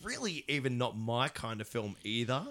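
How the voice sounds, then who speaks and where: A man hosts a casual film chat with a lively, swooping voice. His tone is bright and he rambles through restarts. He laughs easily between thoughts. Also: mid-range voice, normal speed. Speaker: podcast co-host.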